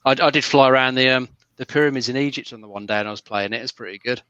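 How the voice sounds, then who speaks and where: A man talks games in a casual panel chat, quick and bright-toned. He explains at length, relaxed, often restarting his sentences. His voice sounds close and dry, with no room around it. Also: medium pitch, dry recording, highs cut off. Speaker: regular panelist.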